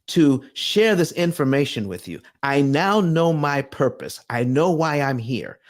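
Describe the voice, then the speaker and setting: Guy hosting a finance livestream, talks right into the cam, pushy and earnest, lots of restarts. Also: mid-range voice. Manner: emphatic and earnest, with frequent restarts and repeated phrases. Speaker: host of a personal finance livestream. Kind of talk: motivational livestream talk. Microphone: webcam or desk mic, speaking to camera.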